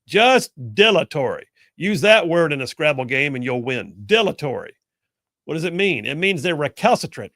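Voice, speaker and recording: A middle-aged man with a drawl hosts a talk radio show, spinning folksy stories with jokey asides. His voice carries a gravelly edge, and the studio sound is dry and close. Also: on the high side, sing-song, normal speed, fairly bright tone, no echo. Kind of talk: casual call-in talk radio chat.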